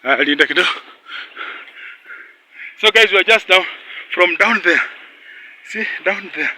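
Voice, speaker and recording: A man's voice: high-pitched, a little slow, bright, forceful tone, dry recording, low-quality recording. A man making a casual travel vlog on a steep hillside, chatty, laughing often and out of breath from the climb. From Kenya. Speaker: travel vlogger.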